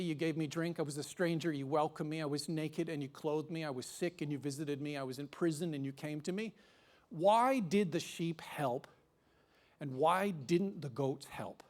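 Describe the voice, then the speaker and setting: A man, preaching a sermon as pastor with animated, emphatic storytelling. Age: 50s. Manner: animated, emphatic storytelling with sudden rises in pitch and loudness.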